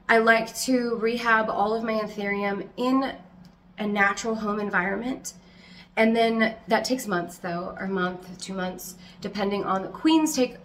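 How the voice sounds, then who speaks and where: Chatty, loud, bright-voiced woman. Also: medium pitch, a little hiss or hum. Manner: rambling, fast, self-interrupting, chatty; loud, almost yelling. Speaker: plant vlogger. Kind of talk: casual chat. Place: home.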